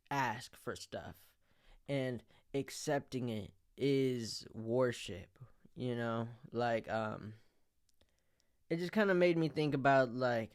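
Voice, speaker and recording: A man's voice: medium pitch, clear, resonant tone. A young man giving a casual reflective check-in, rambling and hesitant, full of fillers and the odd swear. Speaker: vlogger.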